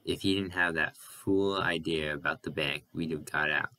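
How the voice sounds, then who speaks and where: A man's voice: rumbling low, fairly even intonation, normal speed, pushed and bright, full character voice. A man voicing a cold-tempered young man who speaks curtly and confrontationally. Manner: curt, confrontational.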